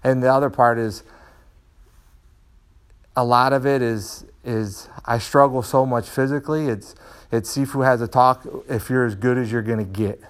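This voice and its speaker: Middle-aged guy in a dojo telling stories, animated, keeps restarting sentences. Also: medium pitch. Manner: animated, acts out voices in his stories, frequent restarts. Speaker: martial arts student being interviewed. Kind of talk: candid personal storytelling. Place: martial arts dojo.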